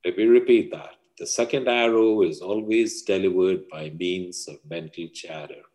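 A leadership coach appears as an interview guest, speaking at normal speed in a low-pitched, darkish voice. He explains his ideas like an emphatic teacher, leaning on parables and stories.

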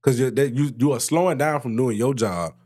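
A man co-hosting a podcast, telling a story about work in a casual, swearing, animated way. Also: a little fast. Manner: animated storytelling, swears freely, jumps high in pitch when excited. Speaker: podcast co-host. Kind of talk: casual chat.

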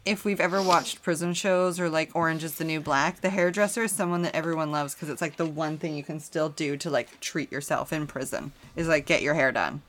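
Low-voiced woman with playful quips. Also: a little hiss or hum. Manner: playful reactive listener, quick quips. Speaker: podcast co-host. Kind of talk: casual true-crime podcast chat.

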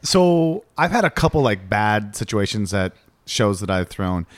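A man co-hosting a casual podcast, wry and animated as he tells of moving west. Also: lowish voice, a little slow, dry recording. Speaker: podcast co-host and comedy show producer.

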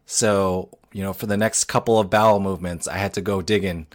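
A man's voice: low voice, steady tone, brisk. A man in his thirties, a podcast co-host, telling a rambling, self-mocking story in casual chat.

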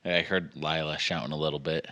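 Casting: male player, very low voice, easygoing. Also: fairly even intonation, a little fast, sharp tone. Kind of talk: casual game talk.

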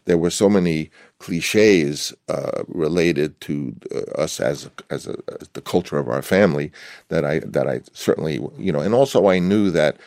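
Halting, deep-voiced older man. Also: vocal fry, a little mellow, dry recording, studio quality. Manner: halting, many fillers and restarts. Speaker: interviewed film director. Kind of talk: archival interview clip.

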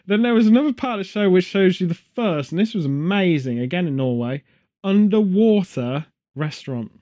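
A man's voice: high-pitched, animated, a little fast, warm tone. A man hosting a casual podcast chat, rambling from one story to the next with jokey asides and puns. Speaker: podcast host.

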